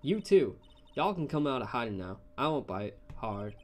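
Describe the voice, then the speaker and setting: A man voicing a brash, loud Southern woman photographer with a drawling accent and folksy, pushy talk. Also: medium pitch, big pitch swings, normal speed, close to an everyday voice.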